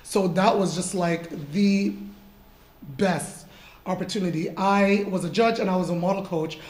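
A woman's voice: on the low side, fairly even intonation, unhurried, a little mellow. Woman, forties, from Canada, chatty storyteller, laughs a lot, roomy event hall. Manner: chatty, laughs often, lots of "like" fillers. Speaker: guest model in an artist talk. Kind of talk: casual storytelling interview. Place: event room with an audience.

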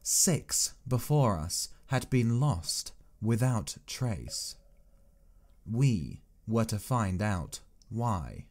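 A man reading a science fiction story aloud as an audiobook, in measured, expressive first-person narration. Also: fairly low pitch. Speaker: audiobook reader.

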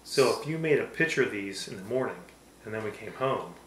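A man's voice: fairly low pitch, lively intonation. Dry-witted man tasting cocktails. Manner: dry teasing, halting with fillers. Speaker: cocktail show co-host. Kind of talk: casual tasting chat. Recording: roomy with faint background noise.

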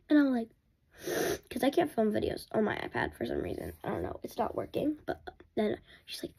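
A woman vlogger talking in a rambling, excitable and apologetic way during a casual unboxing. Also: on the high side, fairly quick, vocal fry, slightly rough.

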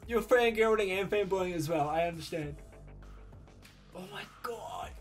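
A young man hosting a reaction video, gushing and swearing freely as he reacts with excitement. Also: high-pitched, unhurried, faint music behind.

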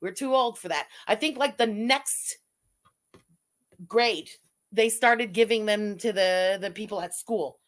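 A woman's voice: mid-range voice, unhurried. A woman hosting a livestream, reading chat messages aloud and mocking people with lots of swearing. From Quebec. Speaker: livestream host. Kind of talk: casual livestream commentary.

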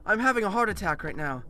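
A man's voice: high voice, sharp tone. A man giving commentary while playing a horror game, panicky, often screaming and laughing nervously. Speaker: let's play gamer.

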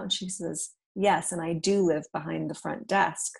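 A woman casually recounting a strange dream in a soft, wry way. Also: low-pitched, fairly even intonation, unhurried, gravelly, slightly rough. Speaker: storyteller. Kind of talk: casual spoken anecdote.

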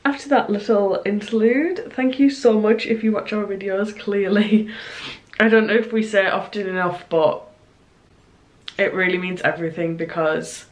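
A young woman chatting casually as she narrates her crafting work in a vlog, self-conscious and softly emotional at times. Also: mid-range voice, steady tone, moderate pace. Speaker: small business artist, vlogger.

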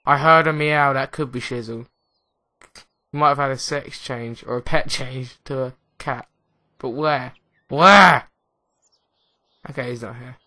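A young man with an English accent gives rambling, excitable let's play commentary, often mocking himself. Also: medium pitch, measured pace. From England. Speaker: gaming commentator.

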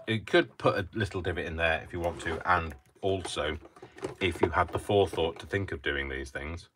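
A man's voice: low-pitched, noisy background. A man hosting a live crafting tutorial from his home craft room, chatting in a wry, joking way. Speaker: crafting host.

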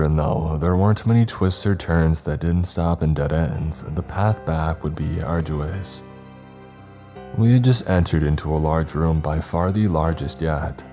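A man reading a scripted horror story aloud in a measured, somber way. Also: extremely low pitch.

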